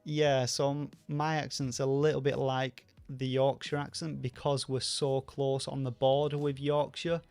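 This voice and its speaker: A man with a softened Rochdale accent hosts a casual livestream, answering viewers in a loose, rambling way full of ums and restarts. His pitch sits in an ordinary middle range but barely moves, giving a flat, even delivery. Faint music plays quietly underneath. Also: measured pace, gravelly, hardly any pauses, no echo. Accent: Rochdale, Greater Manchester, softened. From Northern England. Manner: rambling, many fillers and restarts. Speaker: channel host answering viewer questions.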